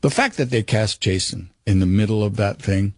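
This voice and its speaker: Animated older man, dry close sound. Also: on the low side, normal speed, no room sound. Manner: animated storyteller, acts out quotes, hesitant restarts. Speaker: actor guest. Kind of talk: candid interview conversation.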